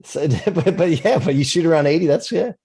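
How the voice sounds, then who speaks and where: A man's voice: a little high, lively intonation, a little fast, warm tone, breathy edge. A man from the United States hosting a casual interview podcast, chatty and loose, often restarting with "uh" and "like". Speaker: podcast host.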